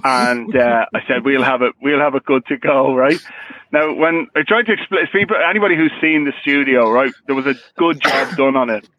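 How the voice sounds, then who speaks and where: A man's voice: mid-range voice, fairly quick, fairly bright tone, no echo, low-quality recording. A man telling a rambling, sweary story in casual podcast chat, often tagging "right?". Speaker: podcast co-host.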